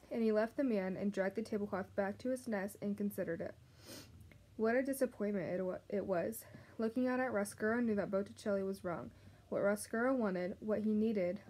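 A woman's voice: mid-range voice, husky. Woman reading a children's book aloud. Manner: gentle, addresses the reader directly. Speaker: reader. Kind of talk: storybook read-aloud narration.

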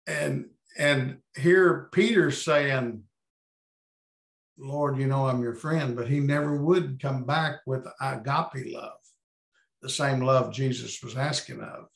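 A man's voice: medium pitch, takes it slowly, roomy sound. A man leading a Bible study over a video call, thinking aloud as he reads and paraphrases scripture.

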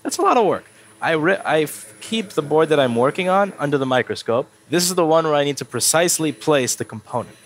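A man's voice: fairly high pitch, a little fast, few pauses, slight background noise. A man with a stuffy cold walking through a circuit board repair at his workbench, blunt and swearing when annoyed. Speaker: repair technician. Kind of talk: casual repair walkthrough.

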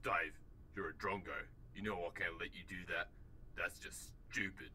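An actor playing a crude, teasing talking computer with an Australian accent and broad slang. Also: male voice, low-pitched, steady tone, normal speed, sharp tone, a little hiss or hum. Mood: wry.

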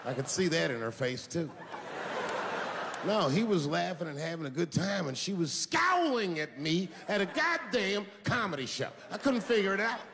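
A man performs stand-up on a large stage, swinging his somewhat high voice through big leaps in pitch and building to loud, profane punchlines. His voice carries a long hall reverb. Faint crowd noise sits underneath. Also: very animated, normal speed. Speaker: stand-up comedian. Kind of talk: stand-up comedy set. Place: large stage before a live audience.

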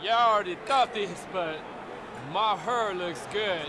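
A man voicing an absurd, blustery basketball player in a lip-reading parody dub, with silly lines that swing between shouting and muttering. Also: high-pitched, a little slow. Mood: goofy. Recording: arena crowd and loud noise behind.

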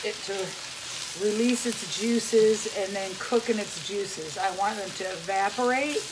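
A woman's voice: mid-range voice, unhurried. A woman hosting a home cooking demonstration in her kitchen, chatting viewers through each step. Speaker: home cooking channel host. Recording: loud sizzling pan noise.

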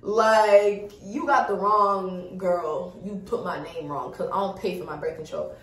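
A woman's voice: fairly low pitch, moderate pace, recorded from a distance. Frank young woman in an echoey room. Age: early 20s. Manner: frank and animated, swears freely, addresses viewers directly. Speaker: vlogger. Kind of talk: casual storytime chat.

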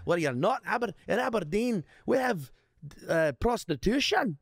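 Guy doing a cocky fake-scottish comic, higher and louder than his own voice, dry sound. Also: lively intonation, moderate pace, vocal fry, no room sound, exaggerated voice. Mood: taunting. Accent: mock Scottish. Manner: cocky, taunting. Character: brash male Scottish pub comic.

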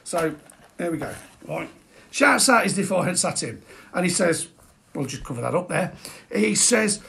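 A man's voice: high voice, lively intonation, normal speed, gravelly, long pauses, bright, forceful tone. A man hosting a casual live-streamed history talk, jokey and chatty, greeting viewers by name. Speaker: host.

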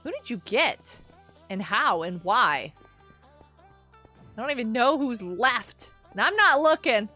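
A high, bright woman's voice streaming a game and chatting with her viewers. She is excitable and gasps and exclaims while playing, and her pitch swoops widely. Faint music plays underneath. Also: slow pace, long pauses. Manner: excitable, gasping and exclaiming, talking to chat. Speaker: gaming streamer. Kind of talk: live gameplay commentary chatting with viewers.

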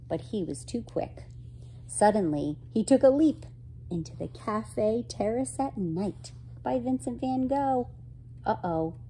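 A woman reading a children's picture book aloud, expressive and gentle, asking her listeners questions. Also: medium pitch, a little hiss or hum, poor audio. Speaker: storyteller.

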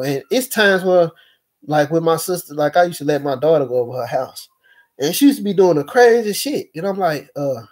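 A man with a somewhat higher-pitched voice talks in a loose, rambling monologue. He stops often on fillers and restarts his sentences as he goes, keeping a conversational tone. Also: a little mellow. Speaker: speaker recounting experiences.

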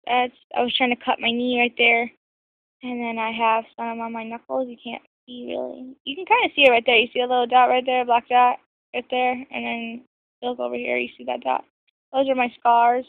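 A teenage girl telling a personal story to camera in a halting, rambling way full of ums and restarts, recorded on a phone. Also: fairly high pitch, flat delivery, vocal fry, no room sound, phone-quality sound. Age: teens. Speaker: vlogger.

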